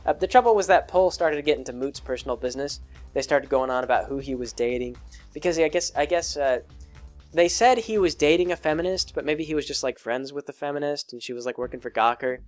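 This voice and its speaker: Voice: mid-range voice, fast, soft background music. A video creator answering patron questions in a casual, rambling monologue full of fillers and restarts. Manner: acts out quoted people in a raised voice.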